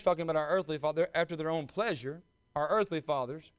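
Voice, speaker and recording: A pastor in his thirties delivers a sermon, mixing folksy jokes with rising, fervent preaching. His voice sits high for a man and rings smooth and clear. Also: fast talker. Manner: folksy humor building to loud fervent preaching.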